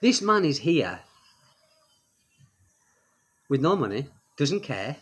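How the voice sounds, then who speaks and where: English guy, vlog storyteller, fairly high voice with lots of swing, repeats himself for emphasis. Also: moderate pace, slightly rough. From England. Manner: animated retelling, repeats phrases for emphasis. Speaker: expat vlogger. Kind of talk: casual storytelling.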